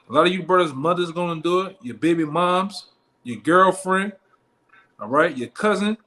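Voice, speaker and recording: High-pitched and fairly bright, this man teaches scripture street-style, running a Bible study in coarse, blunt language and tagging lines with "man" and "all right?".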